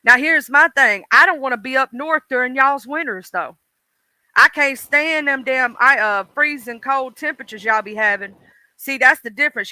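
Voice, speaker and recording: Mississippi guy, deep south drawl, real high voice, super bright and crisp, just rambling to his chat. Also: dry recording. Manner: rambling, folksy, talks straight to chat by name. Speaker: livestream host. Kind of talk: casual livestream chat with viewers.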